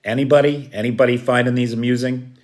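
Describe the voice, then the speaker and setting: A man's voice: mid-range voice, fairly even intonation, quick pace, darkish tone. A man hosting a casual live stream, greeting viewers by name and chuckling at his own jokes. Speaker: livestream host. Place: Kyiv.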